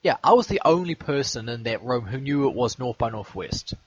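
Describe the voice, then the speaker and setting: A man's voice: mid-range voice, animated, a little fast, husky, no echo, lo-fi sound. A man co-hosting a casual podcast, trading dry, sarcastic comebacks. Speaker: podcast co-host. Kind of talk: casual chat.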